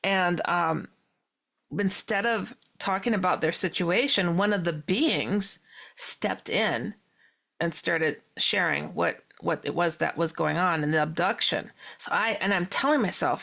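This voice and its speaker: A woman, a paranormal author appearing as a guest, telling a personal story in an animated way and acting out the dialogue. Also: fairly low pitch, gravelly. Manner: acts out dialogue with quick quotes and laughs.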